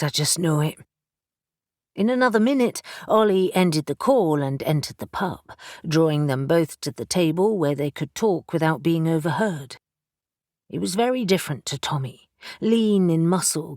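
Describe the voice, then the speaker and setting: A woman narrating an urban fantasy audiobook in a steady, measured way on a close studio mic. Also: deep voice, no room sound. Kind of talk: scripted narration.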